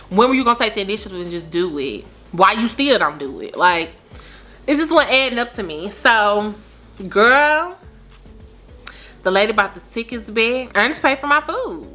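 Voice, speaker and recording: A young adult woman telling a story in casual, animated vlogger chat, her pitch swooping up for emphasis. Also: moderate pace.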